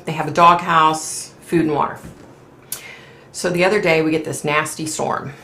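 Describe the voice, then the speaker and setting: Middle-aged lady chatting to her viewers, sighs a lot, low and kinda gravelly. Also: bright, forceful tone, a little hiss or hum. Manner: chatty storytelling, sighs often. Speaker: channel host. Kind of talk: casual chat to viewers.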